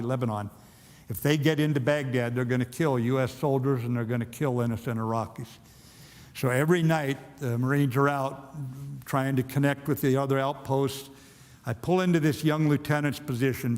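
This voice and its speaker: Older man telling a blunt story, long hall echo. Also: medium pitch. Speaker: guest speaker. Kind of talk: storytelling speech to an audience. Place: university auditorium.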